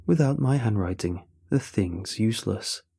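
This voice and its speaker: A man's voice: on the low side, lively intonation, normal speed, creaky, mellow, slightly rough, full character voice. A man voicing a smug, cruel middle-aged male witch who mocks his captives. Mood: gloating. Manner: mocking, theatrical, gloating.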